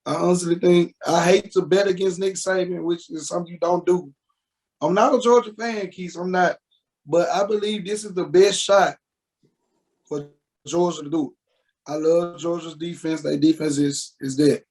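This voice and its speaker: A man co-hosting a casual sports podcast, giving his pick in a relaxed way with some hesitant fillers. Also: high voice, moderate pace, low-quality recording. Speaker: podcast co-host.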